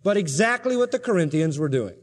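A man's voice: sits high, very animated, fairly quick. A man preaching a sermon with emphasis and rhetorical questions, in a large church hall. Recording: long hall reverb.

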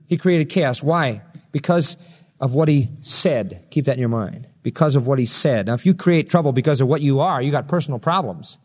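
A man's voice: mid-range voice, animated, normal speed, a little mellow, in a large hall. A man preaching a sermon, acting out quoted lines with a raised voice between plain explanation. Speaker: pastor.

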